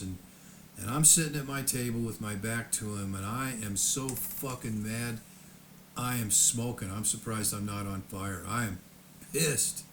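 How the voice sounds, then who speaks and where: A man's voice: fairly low pitch, slight background noise. A man in his fifties or older telling a personal story off the cuff, profane and heated, stumbling over frequent stammered restarts. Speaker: storyteller recounting his own past. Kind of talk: unscripted personal storytelling monologue.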